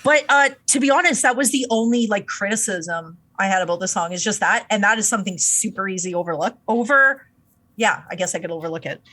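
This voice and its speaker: A woman's voice: mid-range voice, animated, a little fast, pushed and bright. A woman co-hosting a podcast, chatting about an album in a hesitant, giggly way, often restarting her sentences. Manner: hesitant, giggly, self-correcting. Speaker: podcast co-host. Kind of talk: casual album review chat.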